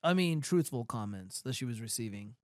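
A man's voice: mid-range voice, expressive, fairly quick, dry recording, clean studio sound. A man hosting a crude comedic podcast, reading comments aloud and mocking them in casual banter. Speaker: show host.

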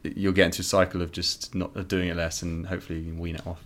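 A man's voice: low-pitched, level tone, fast. A man chatting as a podcast guest, thoughtful and musing. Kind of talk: casual conversation.

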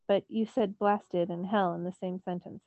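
Woman reading as an excitable boy hero. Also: medium pitch, normal speed, no echo, lo-fi sound, close to an everyday voice. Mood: agitated. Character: panicky, outspoken boy hero.

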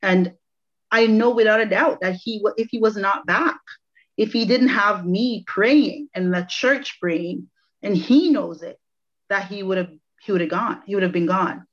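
In an interview, a woman guest gives a personal faith testimony in an earnest, reflective way, repeating phrases for emphasis. Her mid-range voice moves at a measured pace, and the lo-fi audio sounds dull.

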